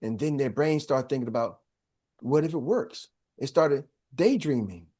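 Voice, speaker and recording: A man coaching a sales team, preaching with call-and-response and acting out quick little voices. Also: medium pitch, expressive, mellow, breathy edge. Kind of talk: motivational training talk.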